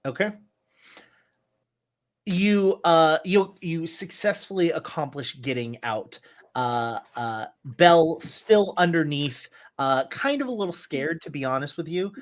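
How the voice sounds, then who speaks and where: Male game master, unhurried and halting, stumbles through restarts while narrating a tabletop horror game. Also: on the high side, animated. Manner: halting, many restarts and fillers.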